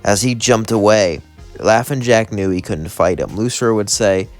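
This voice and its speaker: A man's voice: lowish voice, normal speed, faint music behind. A man narrating a fan-made what-if story in a casual, rambling way, stringing clauses loosely together.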